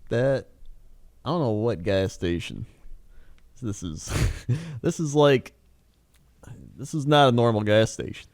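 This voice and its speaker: A man co-hosting a podcast, giving drawn-out, laid-back reactions in casual chat. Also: mid-range voice, animated, no echo, clean studio sound. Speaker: podcast co-host.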